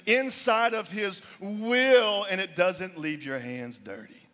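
A young adult man preaching a sermon as pastor, animated, sometimes dropping his voice low for emphasis. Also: slow. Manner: animated preaching, drops to near-whispers for emphasis. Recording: long reverb of a large hall.

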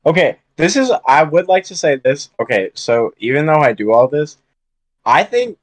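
A man's voice: a little high, very animated, normal speed, dry recording. A man co-hosting a podcast, talking in laid-back casual chat with lots of fillers. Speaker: podcast co-host.

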